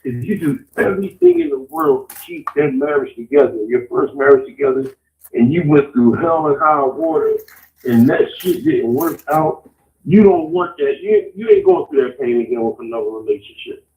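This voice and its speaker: A man's voice: fairly high pitch, very animated, normal speed, a little mellow, echoey room, slight background noise, poor audio. A man with a Chicago accent calling into a talk show, blunt and laid-back, swearing casually. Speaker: caller. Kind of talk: casual phone-in chat.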